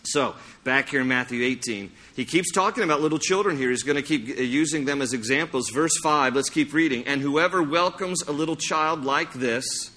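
A middle-aged man preaching a sermon in a church, lively and storytelling, acting out little scenes as he goes. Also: mid-range voice, moderate pace, few pauses. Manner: animated, acts out anecdotes with playful sung impressions. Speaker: pastor. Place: church sanctuary.

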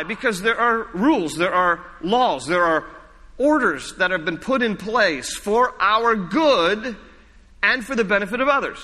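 Male pastor, chatty sermon delivery with jokes, high voice, reverberant church. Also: bright, forceful tone. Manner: conversational, repetitive preaching with humor.

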